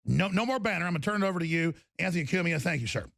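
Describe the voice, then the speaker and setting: A man's voice: high-pitched, expressive, rapid-fire, creaky, a bit bright, dry recording. A middle-aged man hosting a radio talk show, ranting heatedly about politics and mocking others in quoted voices.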